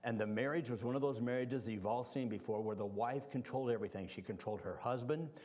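A visiting evangelist preaches a sermon in a church sanctuary, telling folksy, humorous stories and praying fervently. His mid-range voice is dark and quick, echoing through a large hall.

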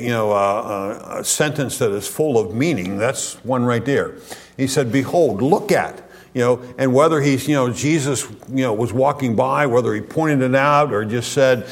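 A male preacher teaching scripture in a relaxed, conversational way. He often pauses, restarts and fills gaps with small hesitations. His voice sits at an ordinary middle pitch. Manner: folksy, halting, many fillers and restarts.

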